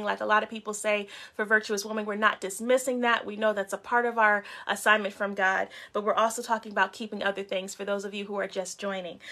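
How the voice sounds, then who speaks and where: Bright, animated woman host. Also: fairly high pitch. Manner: animated, talks straight to viewers and greets them by name. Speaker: host of a faith talk show. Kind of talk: casual teaching talk.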